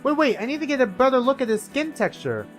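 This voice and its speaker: A man voicing a pushy, excited young dinosaur art student. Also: very high voice, quick pace, faint music behind, pitched above the performer's own voice. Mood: eager.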